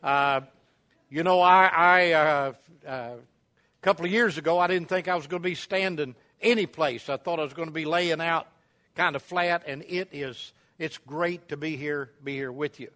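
A preacher spinning a folksy yarn at a camp meeting, rambling with many uhs and restarts. His voice sits high for a man and sounds bright and forward. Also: normal speed. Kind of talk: sermon storytelling.

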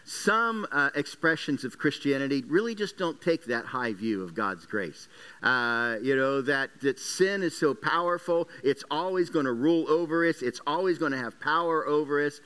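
A man delivers a sermon-style Bible lesson, stopping often with filler sounds as he walks through Greek word meanings. His voice is bright and forceful and comes across smooth and clear. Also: fairly high pitch, expressive, moderate pace. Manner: teaching, many uh fillers, recaps and explains Greek words. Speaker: Bible teacher.

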